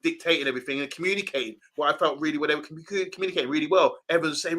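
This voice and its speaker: A man's voice: fairly high pitch, rapid-fire, sharp tone. A man hosting a live football reaction show, reading out viewer comments and chatting casually while greeting viewers by name. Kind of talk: live watchalong reaction chat.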